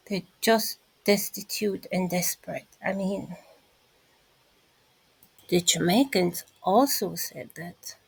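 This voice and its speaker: A woman's voice: fairly low pitch, breathy edge, dry recording, low-quality recording. A woman vlogger giving a casual commentary monologue, emphatic and repetitive, speaking straight to her listeners.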